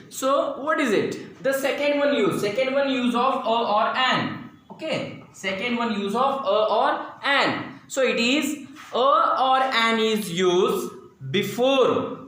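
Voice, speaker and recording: A male school teacher with an Indian English accent giving a slow, repetitive grammar lesson in a classroom, drilling pronunciation aloud. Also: extremely high pitch, a bit bright. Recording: echoey classroom, very roomy.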